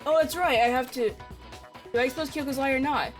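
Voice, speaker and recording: A young woman giving emotional let's-play commentary, with loud reactions, laughing and wailing. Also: high-pitched, brisk, faint music behind. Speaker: gaming channel host.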